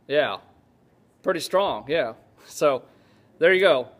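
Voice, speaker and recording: A man's voice: on the high side, unhurried, long pauses. A male pastor giving a Bible teaching sermon to his congregation, in a casual, digressive way that often checks in with the listeners.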